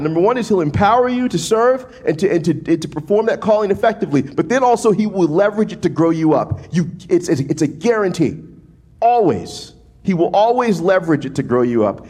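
A pastor from New Orleans, USA, preaches in a loose, conversational, animated way, trailing off, restarting and checking in with "right?" asides. His pitch swings widely as he talks.

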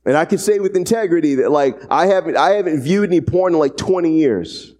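A man preaching a sermon in a conversational way, often asking "right?" and swinging his pitch up and down for emphasis. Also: fairly quick. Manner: conversational, frequent tag questions, animated pitch swings.

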